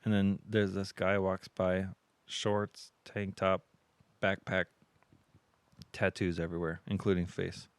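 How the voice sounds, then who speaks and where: A man's voice: low voice, little pitch movement, slow, clean tone, dry recording. A man co-hosting a podcast, telling a rambling story in casual chat with lots of fillers. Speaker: podcast co-host.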